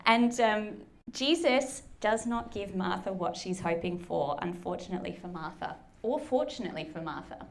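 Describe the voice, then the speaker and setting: Brief: woman preacher, relaxed chatty sermon delivery, mid-pitched, playful asides. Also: normal speed, creaky. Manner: conversational, chatty, with lots of fillers; acts out quoted lines playfully.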